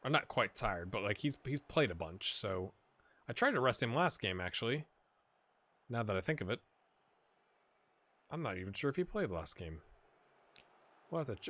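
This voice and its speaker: A man giving casual, rambling commentary over a football management game, with sudden excited outbursts and a slightly rough throat. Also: mid-range voice, normal speed, long pauses, no echo. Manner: rambling, excitable bursts over match play. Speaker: gaming commentator. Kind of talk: casual let's-play commentary.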